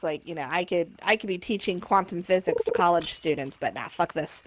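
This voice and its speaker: A woman's voice: lowish voice, brisk, hardly any pauses, slight background noise, low-quality recording. A woman chatting casually on a game stream, blunt and sarcastic, laughing often. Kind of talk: casual chat.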